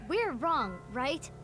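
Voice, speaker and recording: A slow, earnest young investigator. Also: female voice, high voice, noisy background, heavily acted. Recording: game music under voice.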